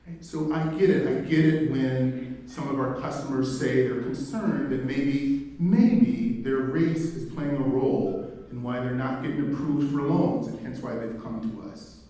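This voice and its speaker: Guy from indiana giving a keynote, chatty and funny, middle pitch, far from the mic in a roomy hall. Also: unhurried, few pauses, mellow. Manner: conversational and humorous, asks the audience questions. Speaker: executive director, keynote speaker. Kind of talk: keynote speech with personal stories. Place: event hall.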